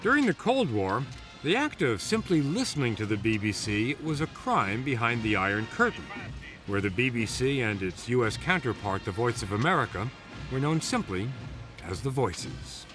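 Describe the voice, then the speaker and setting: A man narrating a television news feature in a measured, expressive scripted read with wry asides. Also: medium pitch, soft background music.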